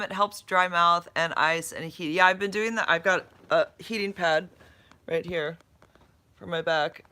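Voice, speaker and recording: A woman's voice: sits low, bright, forceful tone. A woman chatting casually on a live stream from her bed, drowsy and dopey from medication, rambling and tripping over her words as she reads comments. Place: in bed at home.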